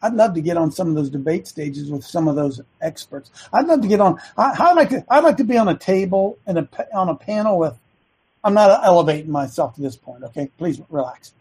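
A man hosting a talk show as a coach, preaching opinions with rapid rhetorical questions and frequent restarts. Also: high voice, lively intonation, a little mellow, breathy edge, poor audio. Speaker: host and coach.

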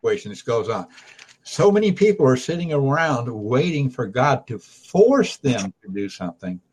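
A man's voice: medium pitch, very animated, normal speed, a little mellow, slightly rough. A man in a group Bible discussion, speaking emphatically. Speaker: group member.

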